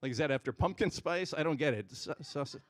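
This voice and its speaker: A man doing a stand-up comedy set on a stage microphone, jumping between loud punchlines and muttered asides. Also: on the high side, animated, fast.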